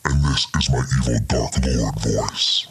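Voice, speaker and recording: A man voicing an evil male dark lord in a low, breathy way, his voice pushed down by a pitch-shifter effect. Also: a little slow, a little hiss or hum. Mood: menacing. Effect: pitch-shifter lowering the voice.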